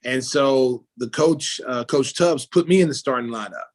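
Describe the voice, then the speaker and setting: A middle-aged American man talks through a long story in a relaxed interview, his voice sitting at an ordinary middle pitch. He acts out the people he quotes, jumping up in pitch and loudness for the funny bits and dropping back down for the asides. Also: moderate pace. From United States. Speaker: former pro basketball player and announcer, interview guest.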